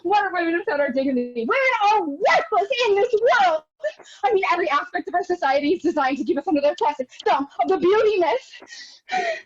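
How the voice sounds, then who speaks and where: The voice is very high, fairly quick, and full of big pitch swings: a young actor in a scene study playing an anxious, self-pitying, neurotic wife. Her monologue rambles, then breaks into near-tearful shouting. It was recorded over a video call with dull lo-fi sound.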